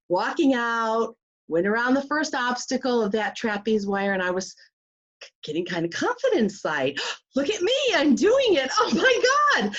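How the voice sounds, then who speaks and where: A woman life coach telling a personal story in an animated way, acting out the voices of others. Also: medium pitch. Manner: animated, acts out quoted voices. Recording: slightly muffled recording.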